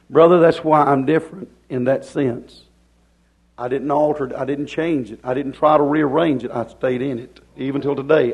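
A man preaching a sermon, swinging between hollering and hushed, drawn-out lines. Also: a little high, husky, poor audio.

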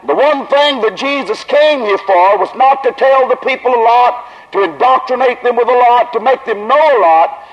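A man with a Southern accent preaching at a tent revival, drawing his words out slowly and then rising to loud emphasis. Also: very high-pitched. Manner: slow, drawn-out delivery that builds to raised emphasis. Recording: dull lo-fi old recording.

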